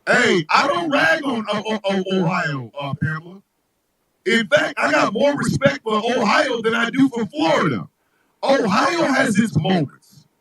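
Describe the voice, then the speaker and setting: A man hosting a live talk show, ranting comedically in a profane, animated way, often shouting. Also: extremely high pitch, measured pace, a crowd in the background, poor audio. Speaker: host.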